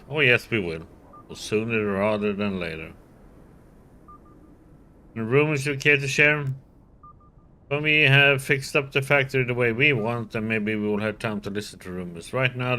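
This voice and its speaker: Earnest factory worker guy in a game, read by a man, bright voice, dead serious. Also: on the low side, slight background noise. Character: male factory turner, earnest labor organizer.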